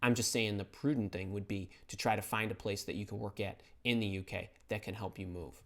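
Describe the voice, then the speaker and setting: A man's voice: on the low side, steady tone, a little fast. A middle-aged man hosting a live career-advice question session, speaking casually and bluntly, repeating words for emphasis. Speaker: career advice host answering viewer questions. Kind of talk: live-stream Q&A, casual and opinionated.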